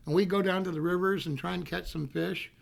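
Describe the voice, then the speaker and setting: A man's voice: high-pitched, fairly even intonation, fairly quick, gravelly. A man telling a rambling, folksy childhood story, often repeating himself. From North Carolina. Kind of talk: casual storytelling.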